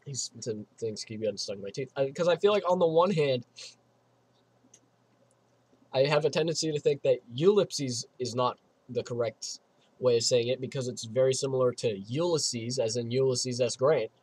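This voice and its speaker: A man with a slightly husky voice at an ordinary middle pitch, streaming a game from home. He reads the on-screen text aloud and breaks off into playful, rambling asides into a desk microphone. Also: moderate pace, a little mellow. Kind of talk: casual let's-play commentary, reading game text aloud.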